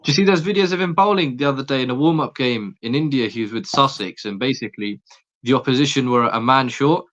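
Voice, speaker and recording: A man's voice: mid-range voice, fairly bright tone. A man talking sport as a podcast guest, opinionated and stumbling over his words in casual chat. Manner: opinionated, quick restarts and stammers. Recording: dull lo-fi sound.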